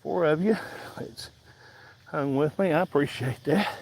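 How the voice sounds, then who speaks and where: A man's voice: fairly high pitch, darkish tone, breathy edge, poor audio. A man chatting casually to viewers while doing farm chores outdoors, a bit out of breath from hauling, filmed on a handheld phone. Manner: slow rural drawl, chatty asides to viewers. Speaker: farmer filming his chores. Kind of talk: casual vlog while working. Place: outdoors in a pasture.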